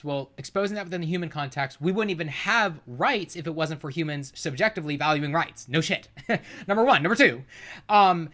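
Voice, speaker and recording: A streamer reacting to a debate clip on a livestream, ranting with profanity, exasperation and loud sarcastic outbursts. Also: mid-range voice, animated, brisk.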